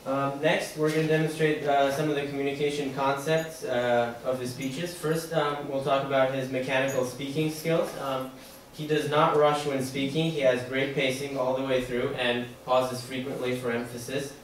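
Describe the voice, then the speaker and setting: A man's voice: mid-range voice, little pitch movement, normal speed, hardly any pauses. A young man giving a class presentation, hesitant and full of fillers. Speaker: student presenter. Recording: echoey room from far off, faint noise.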